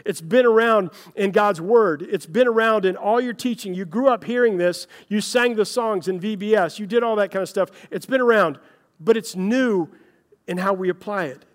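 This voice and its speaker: A man's voice: high-pitched, normal speed, in a large hall. A man preaching a conversational sermon as pastor, telling stories in a folksy way and speaking straight to his listeners. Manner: folksy storytelling, addresses listeners as "guys".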